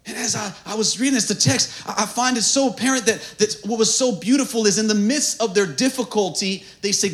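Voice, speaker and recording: A man pastor preaching a sermon, swinging from hushed asides to fervent shouting. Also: high voice, fairly quick, few pauses.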